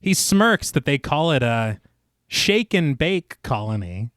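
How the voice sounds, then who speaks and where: A fairly high-voiced man narrates a horror film scene by scene, his pitch swinging widely as he dramatizes each beat. He drops into a lower voice for quoted lines and breaks off for laughing asides. The sound is dry and close to the mic. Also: big pitch swings, slow, a bit bright, dry recording. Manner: dramatic storytelling, reads movie quotes in a lowered voice, laughs at his own jokes. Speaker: podcast co-host. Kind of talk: scripted film recap narration with casual asides.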